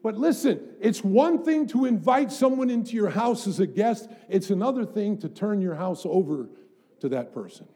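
A man's voice: high-pitched, lively intonation, normal speed, warm tone, breathy edge. A middle-aged man preaching a sermon as pastor, emphatic, building up with rhetorical questions to the congregation.

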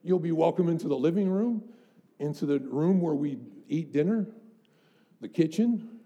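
A man's voice: a little high, animated, moderate pace, warm tone, muffled recording. A middle-aged man preaching a sermon as pastor, emphatic, building up with rhetorical questions to the congregation.

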